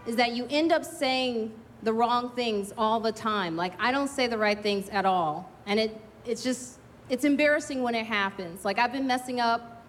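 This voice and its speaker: A woman's voice: a little high, moderate pace, slight background noise. A middle-aged woman doing a brash, confiding, self-mocking stand-up set at an outdoor drive-in show. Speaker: stand-up comedian. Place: outdoor drive-in stage, parking lot.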